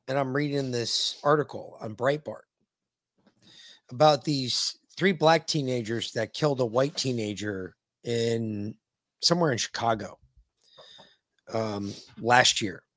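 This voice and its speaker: A man's voice: medium pitch, no echo, studio quality. A middle-aged man co-hosting a podcast, telling stories casually and raising his voice for quoted lines. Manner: animated storyteller, shouts quoted lines. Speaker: podcast co-host. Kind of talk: casual storytelling.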